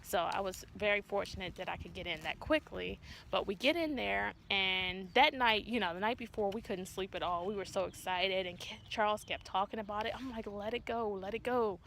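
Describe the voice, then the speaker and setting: A woman's voice: medium pitch, fairly quick, gravelly, slight background noise, poor audio. A woman vlogger telling a personal story to her viewers in a casual way, acting out what people said. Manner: animated retelling, acts out quotes. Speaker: vlogger, mother of twins.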